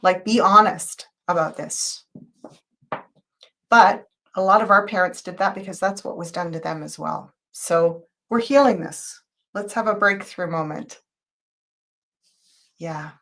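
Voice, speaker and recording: A woman hosting a live tarot reading show, talking to viewers in an emotional, intense, spiritual way. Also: on the low side. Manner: spiritual, guiding talk with quick changes of loudness. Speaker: tarot reader and show host.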